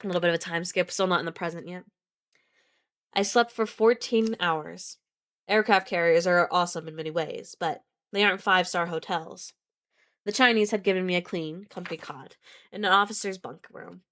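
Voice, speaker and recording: A woman's voice: fairly low pitch, normal speed, fairly bright tone. A woman streamer reading a book aloud on a live stream, often stopping to laugh, react and reread lines.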